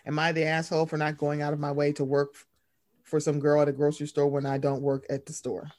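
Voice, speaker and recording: The young woman co-hosting this casual podcast rambles, reads a story aloud, and mimics her mother in a high-pitched voice. Her delivery is completely flat and quick, with a darkish tone.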